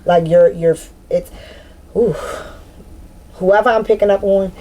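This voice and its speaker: A woman giving a casual spiritual card reading to her viewers, rambling, excitable and full of slang, breaking into loud laughter. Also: medium pitch, a little slow, rough recording. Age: adult with a daughter. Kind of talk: casual tarot-style collective reading.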